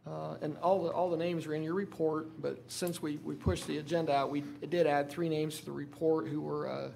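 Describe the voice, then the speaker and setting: Man, very gravelly and creaky voice, fairly high pitch, losing his voice, hesitant with lots of filler words and restarts, school board presentation, faint background hum. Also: flat delivery, fairly quick, warm tone. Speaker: school superintendent. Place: meeting room.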